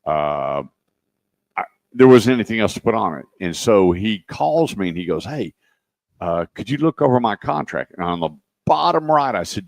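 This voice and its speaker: A man with a low, deep voice hosts a car radio show, chatting loosely and telling folksy stories in which he acts out the voices of the people involved. The studio sound is dry and close, with no room echo. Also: sing-song, moderate pace, creaky. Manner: folksy storyteller acting out quoted voices. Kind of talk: casual radio talk.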